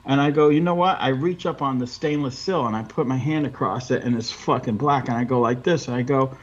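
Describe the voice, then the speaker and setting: A man's voice: mid-range voice, brisk, hardly any pauses, highs cut off. A man who runs a window cleaning business, bluntly telling a story with lots of swearing. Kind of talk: casual storytelling.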